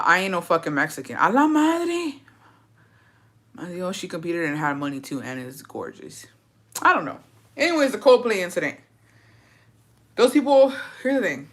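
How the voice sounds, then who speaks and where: A woman's voice: fairly low pitch, sharp tone. A young woman hosting a casual gossip chat, ranting with plenty of swearing and rhetorical questions. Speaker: host.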